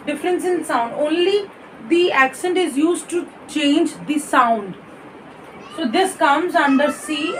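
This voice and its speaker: A woman's voice: high-pitched, recorded from a distance, slight background noise, low-quality recording. A woman teaching a beginners' French lesson, explaining patiently and repeating each word, with small slips in her English.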